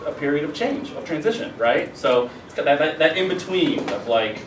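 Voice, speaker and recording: A man's voice: fairly high pitch, animated, normal speed, distant mic. A man hosting a live improv show, rambling and laughing at his own stumbles. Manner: rambling and self-mocking, full of fillers. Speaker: improv host. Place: theater stage. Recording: roomy theater audio from afar, noisy.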